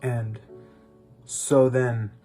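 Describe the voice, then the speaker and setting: A young man recounts his personal testimony in an easygoing, rambling way, circling back and restarting his sentences. His voice sits at an ordinary middle pitch, and faint guitar music plays softly behind him. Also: level tone, extremely slow. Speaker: podcast co-host. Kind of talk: personal testimony, casual chat.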